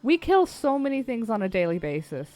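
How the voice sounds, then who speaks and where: A woman's voice: on the high side, sing-song, fairly quick, dark tone. A woman streaming a video game, chatting casually, swearing and laughing easily. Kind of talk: casual gameplay commentary. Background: faint game music.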